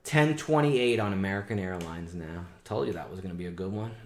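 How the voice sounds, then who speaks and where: A man's voice: deep voice, brisk, a little mellow. A man hosting a day trading show, talking bluntly and casually in slang, scolding and reviewing trades. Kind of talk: live trading stream chat. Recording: echoey room.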